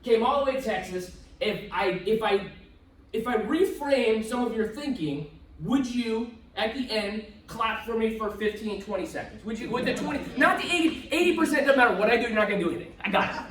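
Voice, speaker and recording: A man's voice: sits high, animated, brisk, fairly bright tone, distant mic. Joking man on stage in an echoey room. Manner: joking, self-deprecating storyteller. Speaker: motivational speaker. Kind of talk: live stage talk to an audience. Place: large conference room with an audience.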